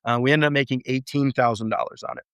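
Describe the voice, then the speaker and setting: A man telling his story as an interview guest, halting and restarting often, with lively acted-out quotes. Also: medium pitch, clear, resonant tone, no echo. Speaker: real estate investor guest.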